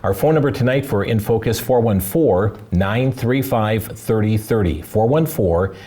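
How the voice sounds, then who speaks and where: Male call-in show host, low warm voice, slows down for the numbers. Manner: reads phone numbers slowly and deliberately. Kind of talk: call-in talk show hosting.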